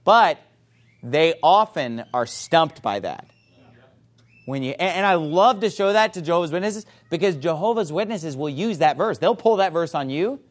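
A man preaching a sermon, reading scripture emphatically and playfully mimicking his opponents in excited voices. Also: fairly high pitch, moderate pace. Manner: reads scripture aloud in a rising, emphatic voice.

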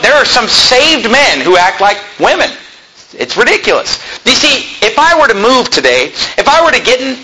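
A man with a high, husky voice preaches from a church pulpit. His pitch leaps up and down with lively swings, and he drives each point home emphatically and often turns to his listeners with rhetorical questions. His tone is bright and forceful. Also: rough recording. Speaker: pastor. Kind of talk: sermon.

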